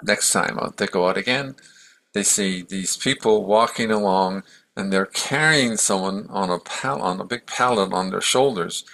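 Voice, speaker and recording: Low gravelly guy rambling through a story, lots of ums and you knows. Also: moderate pace, rough recording. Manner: rambling, relaxed, with fillers and restarts. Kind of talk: casual storytelling talk.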